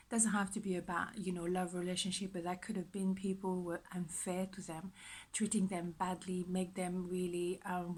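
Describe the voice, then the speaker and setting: In this rough recording, a tarot reader with a fairly low-pitched voice walks through a general pick-a-card reading. Her talk is chatty and repetitive, full of self-reassurance, and she speaks softly, frequently sinking to a whisper.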